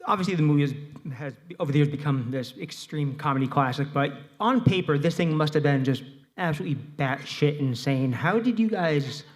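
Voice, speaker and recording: A man hosting a convention panel on stage. His voice sits a little high, and he talks in an easy, offhand way full of "um"s, tossing in a curse now and then. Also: animated, a little fast. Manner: casual, loose, with fillers and swearing. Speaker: panel moderator.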